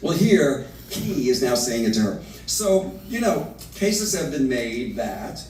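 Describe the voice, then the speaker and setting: A man teaching a livestreamed literature lesson, animated and reading verse slowly and dramatically. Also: medium pitch, slight background noise. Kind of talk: livestreamed lecture. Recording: roomy, from far off the mic.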